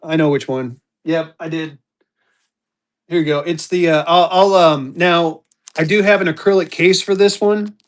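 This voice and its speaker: A man's voice: fairly high pitch, steady tone, normal speed. A man selling banknotes in a live-stream auction, with hyped, repetitive auctioneer patter.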